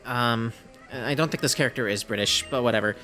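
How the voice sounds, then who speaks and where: A man's voice: mid-range voice, a little fast, pushed and bright, faint music behind. A man giving casual gameplay commentary, chatty and self-deprecating, with laughing asides. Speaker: let's play host.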